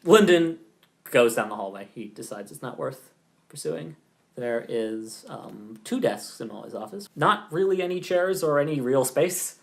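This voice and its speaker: A man's voice: medium pitch, animated, unhurried, vocal fry. A man running a tabletop game as game master, narrating in a loose, chatty way with laughing asides.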